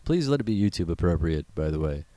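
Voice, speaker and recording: A man with a low, dark voice co-hosts a casual podcast, loose and joking, with plenty of swearing. The sound is dry and close. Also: big pitch swings, fast, no room sound. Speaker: podcast co-host.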